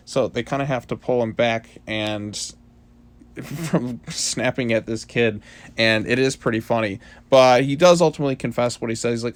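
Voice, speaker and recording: A man talks through a comic book issue in a loose, casual review. His voice sits at a medium pitch, and his talk rambles with plenty of fillers and restarts. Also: fairly even intonation, a little fast.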